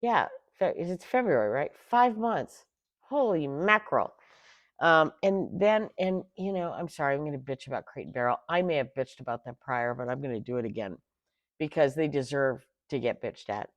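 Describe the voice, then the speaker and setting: Middle-aged female host, lowish voice, exasperated animated rant, dry close recording. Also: normal speed, no room sound, dull audio. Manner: exasperated, animated storytelling with sarcastic asides. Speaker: tarot channel host. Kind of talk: casual rant.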